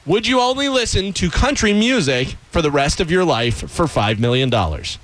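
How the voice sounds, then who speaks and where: A man's voice: fairly high pitch, very animated, normal speed, fairly bright tone, rough recording. A man co-hosting a radio show, reading survey questions in playful, teasing banter. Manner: playful, teasing, quizzing the others.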